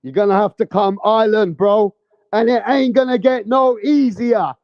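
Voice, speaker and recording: A man's voice: high voice, normal speed, dry recording, muffled recording. A man giving casual vlog commentary on boxing, with a brash, profane, heated ranting manner.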